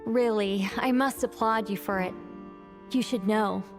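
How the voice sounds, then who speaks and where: A woman's voice: mid-range voice, a little slow, lightly acted. A woman as a poised, regal mage guide. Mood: measured. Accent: British speaker doing an American accent. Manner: poised, over-enunciated R sounds. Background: game music.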